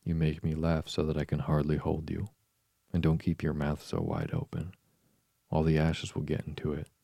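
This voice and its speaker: A man voicing a curious, polite young girl in an audiobook, speaking gently, with a very low, gravelly voice. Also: normal speed, dry recording, clean studio sound, heavily acted. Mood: gentle wonder. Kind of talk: audiobook reading.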